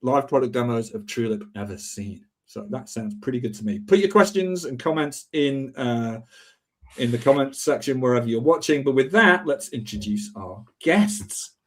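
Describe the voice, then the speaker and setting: A man hosts a live online show over a video call, his voice sitting at an ordinary middle pitch. He talks in a loose, chatty way, jumping up in energy at the start of each new point before trailing off. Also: normal speed. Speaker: host. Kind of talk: casual live-stream chat.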